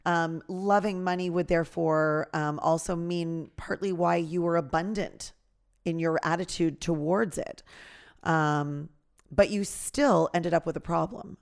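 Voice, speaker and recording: A woman's voice: on the low side, fairly even intonation, a little slow, vocal fry. A woman co-hosting a casual podcast, asking long, thoughtful questions. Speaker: podcast co-host.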